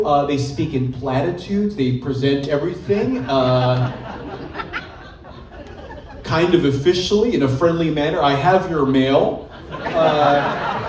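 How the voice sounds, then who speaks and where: A man doing a live stand-up set, talking in a hesitant, halting way full of ums, sometimes slipping into quick mock accents. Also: fairly high pitch, background noise. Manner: jumps into brief mock regional accents. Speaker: stand-up comedian. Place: live club stage. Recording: roomy club audio from far off. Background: audience laughter.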